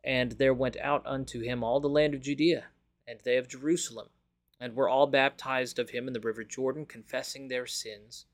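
A man hosting a daily Bible reading, praying and reading scripture aloud in a measured, reverent way. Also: mid-range voice, steady tone.

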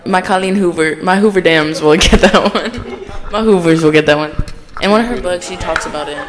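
Brief: high-pitched male co-host, joking, casual podcast banter. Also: crowd noise. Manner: playful, quick, laughing. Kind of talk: casual chat. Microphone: podcast mic.

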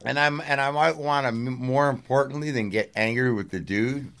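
A man's voice: mid-range voice, normal speed, fairly bright tone, dry recording. A man co-hosting a podcast who mostly listens, then speaks up earnestly. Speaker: podcast co-host. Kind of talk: casual chat.

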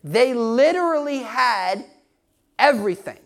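A man's voice: very high voice, expressive, measured pace, fairly bright tone. A male pastor preaching a sermon, speaking emphatically to his congregation, often asking them questions and laughing now and then. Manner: talks straight to the congregation, asks questions.

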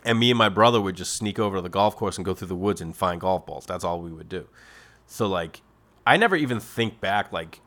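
A man's voice: low voice, brisk. A middle-aged man, hosting a podcast in a comedic, casual monologue that jumps into exaggerated voices. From Massachusetts. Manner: animated storytelling with exaggerated quoted voices. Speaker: podcast host.

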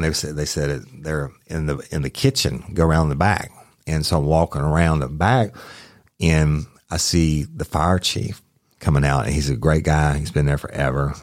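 Man, very low voice, loose rambling storyteller who swears, dry close mic. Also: no room sound. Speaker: podcast host recounting a police case. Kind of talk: casual storytelling.

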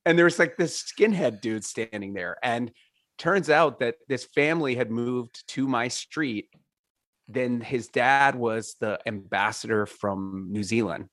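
A man's voice: mid-range voice, measured pace, a bit bright, dry recording, studio quality. A man telling stories in a casual interview, rambling with lots of fillers, laughing and swearing. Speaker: podcast guest, singer.

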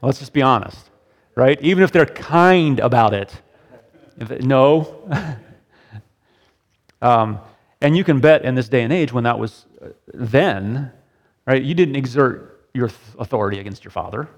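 A man's voice: mid-range voice, lively intonation, unhurried. A middle-aged man leading a sermon discussion, talking casually and often checking in with "right?" as he asks the group questions. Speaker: pastor. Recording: long hall reverb.

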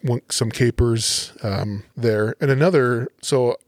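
A man's voice: mid-range voice, slow, no echo. Male podcast guest, police officer, casual storyteller, dry studio sound. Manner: relaxed, animated storyteller acting out quotes.

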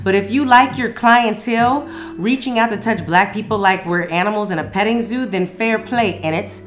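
A woman's voice: mid-range voice, moderate pace, faint music behind, voice pushed up, close to an everyday voice. A woman reading aloud as a fiery, outspoken young woman friend, blunt and full of slang. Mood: angry.

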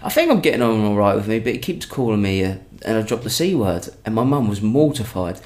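Chatty man, lowish voice. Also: big pitch swings, quick pace, darkish tone. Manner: chatty, rambling, many restarts and fillers. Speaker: comedian guest. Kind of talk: casual storytelling in a podcast chat.

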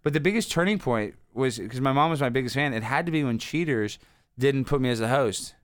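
A man in his thirties, a guest telling rambling, animated stories with lots of fillers. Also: mid-range voice, brisk, smooth, dry recording. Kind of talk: casual interview storytelling.

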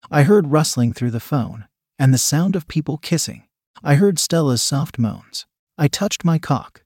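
A man telling a first-person story in a calm, even storytelling voice. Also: a little high, measured pace, husky, no echo, clean studio sound. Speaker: narrator.

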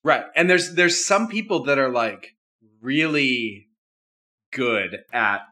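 A man's voice: mid-range voice, lively intonation, takes it slowly, sharp tone. A man co-hosting a podcast, chatting casually about a movie, laughing easily and acting out scenes as he retells them. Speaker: podcast co-host. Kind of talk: casual movie-review chat.

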